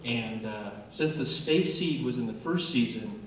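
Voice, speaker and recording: A man's voice: mid-range voice, unhurried. A man moderating a live Q&A, asking long, detailed questions with fillers. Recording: echoey hall, far from the mic, dull sound.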